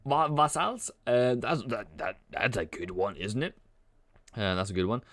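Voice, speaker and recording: A young man rambles playfully through a live trading stream, joking and humming between market calls in casual commentary. His voice is fairly low and fairly bright, at a moderate pace, in a dry recording.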